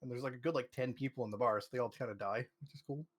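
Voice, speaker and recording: A man with an average-pitched voice talks through his video game playthrough on a casual podcast. He sounds relaxed and matter-of-fact, padding his sentences with ums and uhs. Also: racing, slightly rough. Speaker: podcast co-host. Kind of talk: casual gaming chat.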